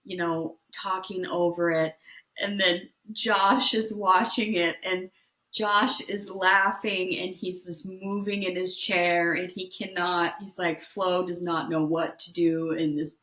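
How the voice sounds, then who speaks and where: A woman's voice: lowish voice, little pitch movement, takes it slowly, fairly bright tone. A woman co-hosting a podcast, chatting casually with rambling enthusiasm. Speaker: podcast co-host. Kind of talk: casual chat recapping reality TV. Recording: echoey room.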